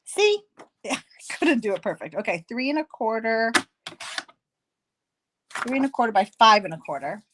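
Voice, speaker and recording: A woman's voice: on the high side, very animated, moderate pace, pauses often, noisy background. A woman hosting a card-making tutorial, chatting casually and correcting herself as she works through measurements. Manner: chatty, self-correcting, thinking aloud.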